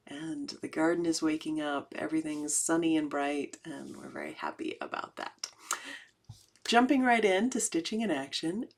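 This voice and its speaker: A woman's voice: lowish voice, vocal fry, slightly rough. A middle-aged American woman hosting her cross-stitch channel, chatting casually to viewers and laughing easily as she shows projects. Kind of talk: casual show-and-tell vlog.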